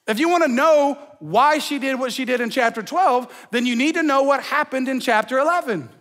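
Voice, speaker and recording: A man preaching a sermon as a pastor in a church, energetic and joking, talking to the crowd in slang. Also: very high voice, moderate pace, big-room sound. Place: church sanctuary.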